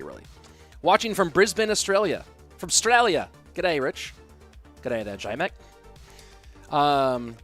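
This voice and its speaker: A man in his thirties casting an esports stream, his voice sitting a touch high. He talks in a loose, conversational way and thinks aloud as he answers viewers. Quiet music plays underneath. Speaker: esports caster. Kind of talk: casual stream chat reading viewer questions.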